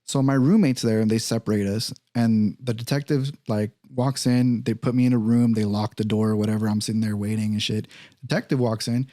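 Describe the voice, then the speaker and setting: A young man in casual podcast talk, telling a personal story in a profane, animated way and acting out the other people's lines. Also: on the low side, a little fast, no room sound, studio quality. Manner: profane, animated, acts out quoted voices.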